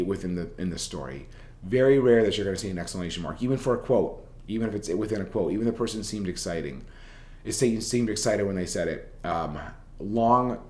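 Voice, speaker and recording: A man's voice: low-pitched, darkish tone, reverberant. A man teaching a journalism writing class in a recorded lecture, talking casually and rambling, with many fillers and restarts.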